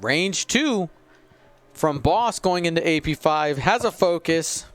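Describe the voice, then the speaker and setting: A man's voice: fairly high pitch, animated, takes it slowly, soft background music. A man giving play-by-play commentary on a tabletop miniatures game, calling shots and explaining the rules with a wry aside now and then.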